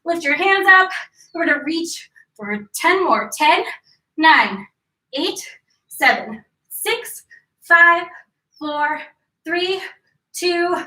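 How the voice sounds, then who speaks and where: A woman's voice: very high-pitched, lively intonation, extremely slow, pauses often, sharp tone. A woman leading a live workout class, chatty and joking while she tells a story and counts reps aloud. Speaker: fitness instructor. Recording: echoey room, distant mic.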